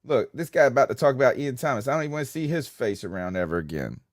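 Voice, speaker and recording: A man hosting a casual call-in podcast, venting in a rambling, frustrated way. His voice sits at an ordinary pitch and sounds dry and close, with no room around it. He often trails off quietly at the ends of his thoughts. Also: expressive, fast, no echo. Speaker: podcast host taking calls. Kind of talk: casual postgame call-in talk.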